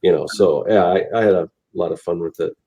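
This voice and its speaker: A man's voice: low voice, brisk, mellow, low-quality recording. A man co-hosting an artists' podcast, talking in a rambling, casual way with many restarts. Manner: rambling, with frequent restarts and trailing phrases. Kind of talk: casual chat.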